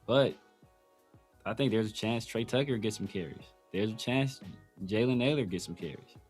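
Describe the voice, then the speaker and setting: A man's voice: on the low side, moderate pace, a little mellow, faint music behind. A man hosting a casual sports talk show, rambling with many restarts and fillers. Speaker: podcast host.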